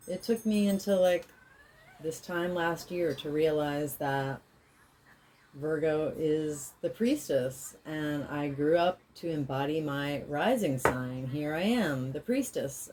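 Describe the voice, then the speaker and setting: A woman's voice: lowish voice, a little mellow. Chatty woman chanting over background noise. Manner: chatty, with drawn-out chanting and repeated mantras. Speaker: tarot reader and healing facilitator. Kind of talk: casual tarot reading with chanted affirmations. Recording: noisy room with clicking sounds.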